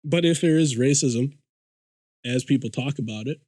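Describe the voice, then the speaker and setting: Profane, animated man telling stories. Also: mid-range voice, moderate pace, no echo. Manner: profane, animated storyteller acting out quotes. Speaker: podcast guest. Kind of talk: casual storytelling chat.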